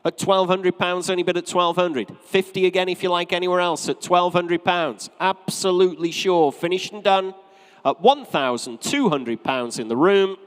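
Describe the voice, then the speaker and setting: A man from North East England with a light regional accent, calling bids at a live auction from the rostrum, with brisk repetitive patter and joking asides. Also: sits high, smooth. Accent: North East English. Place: auction sale room, from the rostrum. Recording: long reverb of a large sale room.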